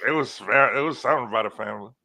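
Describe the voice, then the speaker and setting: A man's voice: mid-range voice, rapid-fire, vocal fry, sharp tone. A man in his forties in casual, teasing chat on a trivia livestream, rambling with restarts as he remembers. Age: 40s. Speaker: livestream co-host.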